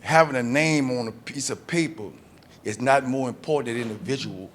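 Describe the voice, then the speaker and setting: A man's voice: medium pitch, a little fast, background noise. A man in the audience making an earnest, plain-spoken comment to the speaker. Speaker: audience member.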